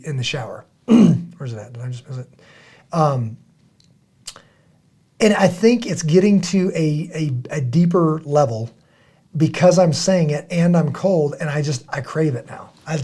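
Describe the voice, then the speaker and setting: A middle-aged man with a husky, slightly raised voice talks in a relaxed podcast chat. He tells stories earnestly and with energy. Now and then he acts out a quote in another voice. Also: a little high, normal speed. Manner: earnest, animated storytelling with acted quotes. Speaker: podcast host. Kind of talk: casual podcast conversation.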